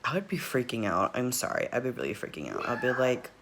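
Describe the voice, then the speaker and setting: A man's voice: medium pitch, very animated, quick pace, noisy background. Rambling, giggly man reacting. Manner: rambling, laughs often, keeps apologizing. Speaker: reaction video host. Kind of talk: casual reaction commentary.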